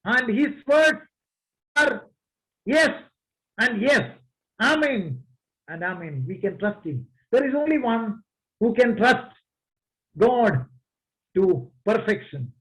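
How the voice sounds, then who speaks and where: Slow, high-voiced preacher. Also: male voice, sing-song, a bit bright, poor audio. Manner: slow, emphatic, addresses the congregation. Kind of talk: sermon.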